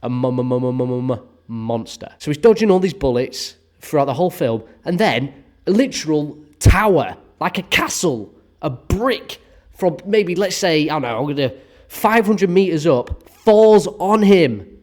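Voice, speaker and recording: A man's voice: fairly high pitch, expressive, measured pace, darkish tone. A young man giving a casual, exasperated film review full of swearing and sarcasm.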